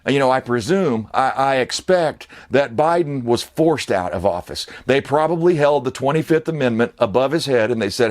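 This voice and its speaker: A man's voice: medium pitch, expressive, moderate pace, few pauses. A man giving a casual, rambling political rant as an online commentator, blunt and profane.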